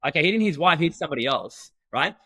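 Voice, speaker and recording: A man co-hosting a podcast, talking in an energetic, emphatic teaching tone. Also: fairly high pitch, fast, no echo. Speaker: podcast co-host. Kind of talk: conversational podcast talk.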